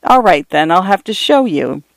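Guy doing a soft teasing dad voice in a story, bit high, dry sound. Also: big pitch swings, normal speed, creaky, no room sound, exaggerated voice. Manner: gentle, playful, wry. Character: tender, teasing middle-aged father.

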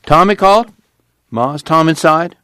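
A man voicing an eager young man who talks in an excited, hurried manner. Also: on the high side, clean tone, no echo, clean studio sound.

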